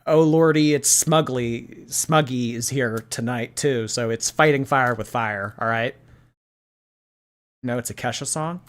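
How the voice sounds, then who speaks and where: A woman's voice: rumbling low, measured pace. Chatty sarcastic woman streamer. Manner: chatty, sarcastic, reads chat aloud. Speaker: host. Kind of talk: casual livestream commentary.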